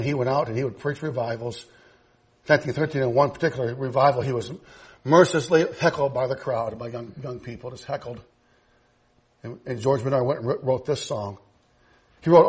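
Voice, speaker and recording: A pastor preaching a sermon to his church, moving from low, quiet passages to loud, high, laughing emphasis. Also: normal speed, pauses often, breathy edge.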